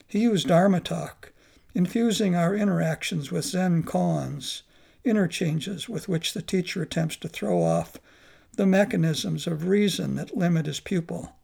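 Brief: male narrator, heavy vocal fry, husky and rough, steady reflective reading. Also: high voice, unhurried. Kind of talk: memoir audiobook narration.

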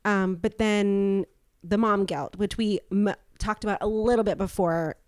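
Woman podcast host, chatty, upbeat, mid-pitched voice, dry close sound. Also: steady tone, a little slow, darkish tone, no room sound. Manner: chatty, filler-heavy, upbeat. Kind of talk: casual podcast chat.

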